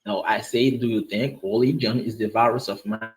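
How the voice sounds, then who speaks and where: Man, Haitian accent, low-pitched, hesitant, repeats words, apologetic, online voice chat. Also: fairly even intonation, normal speed. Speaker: participant in online discussion. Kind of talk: casual debate chat.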